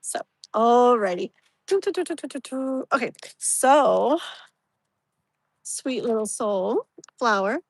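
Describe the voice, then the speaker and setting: A woman giving a tarot reading on a live stream, her voice sitting a bit high for a woman. She rambles in a loose, chatty way, full of "like" and "you know", and soothes the viewer with pet names. The sound is close and dry, with no room echo. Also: lively intonation, takes it slowly, pauses often, husky. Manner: affectionate, soothing tone toward the viewer.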